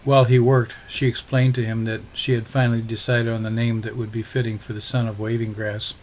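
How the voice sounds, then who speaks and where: A man reads a novel aloud in a steady, even storytelling manner. His voice is of ordinary pitch for a man. A faint noise sits beneath the recording. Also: a little fast. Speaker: audiobook narrator. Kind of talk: scripted narration.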